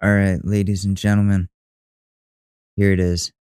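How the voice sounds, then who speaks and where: A man's voice: deep voice, level tone, normal speed, a little mellow, clean tone, no room sound, studio quality. A young man hosting a podcast, reacting to a video with mocking, profane, rambling commentary. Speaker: podcast host.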